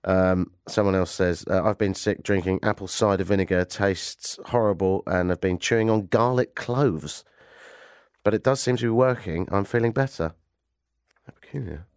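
A man's voice: sits low, moderate pace, darkish tone, smooth, no echo, clean studio sound. A man hosting a talk radio show, with a stuffy nose from a cold. He tells stories with sarcasm and animation. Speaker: radio host. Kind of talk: casual talk radio banter.

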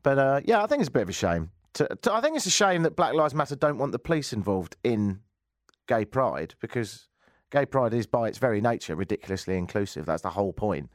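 A man's voice: medium pitch, very animated, fairly quick, no room sound, studio quality. A man hosting a radio show, giving casual commentary with wry, rambling jokes and asides. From England. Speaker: radio host.

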